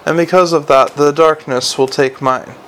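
A man reading a storybook and voicing a frightened, guilt-haunted young male dwarf who talks quietly and stammers. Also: a little high, steady tone, moderate pace, slight background noise, natural voice.

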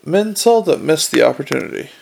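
A man narrating a comic fantasy novel in a dry, measured way. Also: a little high, sing-song, vocal fry, darkish tone, slight background noise. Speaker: audiobook narrator. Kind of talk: scripted narration.

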